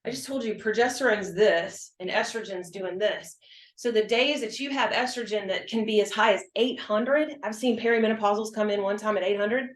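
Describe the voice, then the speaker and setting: A woman practitioner talks through her work in a casual, emphatic interview style, often slipping into her patients' voices and her own replies. Her voice sits at an average pitch, and the room adds a noticeable echo. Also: moderate pace. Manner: chatty, emphatic, acts out patient exchanges. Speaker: hormone health practitioner. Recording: roomy echo.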